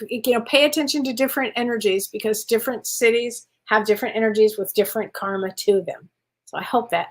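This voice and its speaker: A woman hosting a live-stream show of psychic readings, chatty and rambling, calling viewers honey and sweetheart. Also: a little high. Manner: rambling with frequent restarts and self-corrections. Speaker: psychic medium host.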